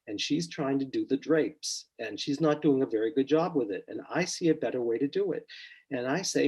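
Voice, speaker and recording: Husky middle-aged man telling a story. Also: mid-range voice, normal speed, low-quality recording. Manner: relaxed storytelling, acts out clients' voices quietly. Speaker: psychotherapist guest. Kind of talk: storytelling in a podcast interview.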